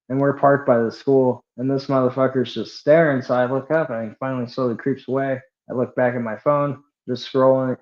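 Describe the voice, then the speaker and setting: A man talks casually on a podcast, swearing and wandering through his story with "uh" and "you know". His voice is mid-pitched and comes through a somewhat muffled, lo-fi recording. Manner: loose, profane, rambling anecdote with fillers. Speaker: podcast co-host. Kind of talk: casual chat.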